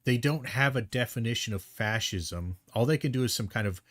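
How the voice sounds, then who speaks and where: A man's voice: mid-range voice, fairly quick, no echo. A man streaming heated commentary on a debate clip, blunt and indignant, swearing freely.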